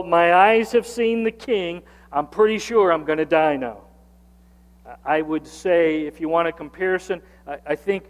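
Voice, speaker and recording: A man preaching a sermon as a pastor, reading scripture and then praying and explaining it earnestly, with pauses and restarts. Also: sits high. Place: church sanctuary. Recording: long reverb of a church hall.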